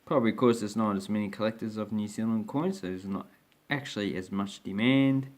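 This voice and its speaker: Low-voiced man rambling about his collection. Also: steady tone, brisk, a little mellow. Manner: rambling, hesitant, many fillers and restarts. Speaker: coin collector vlogger. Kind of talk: casual show-and-tell commentary.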